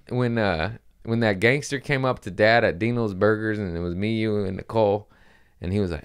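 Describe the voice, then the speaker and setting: Podcast host, man, low and smooth voice, loose rambling storyteller. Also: lively intonation, normal speed. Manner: rambling, laid-back, swears. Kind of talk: casual storytelling chat.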